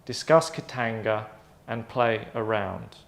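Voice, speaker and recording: A man's voice: on the low side, takes it slowly, creaky. A man hosting his own show, chatting in a rambling way with asides and self-corrections. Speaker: host presenting his own game idea. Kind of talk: casual monologue. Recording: echoey room.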